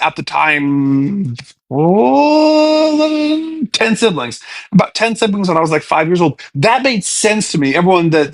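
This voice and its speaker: A man's voice: on the high side, no echo. A man in his twenties answering viewer questions on a casual livestream, chatty and thanking viewers as he reads comments. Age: 20s.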